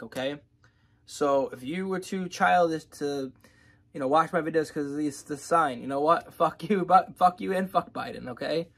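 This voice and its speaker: A man's voice: fairly high pitch, normal speed, a bit bright, breathy edge. A young man giving casual, profane, rambling reaction commentary on a music video.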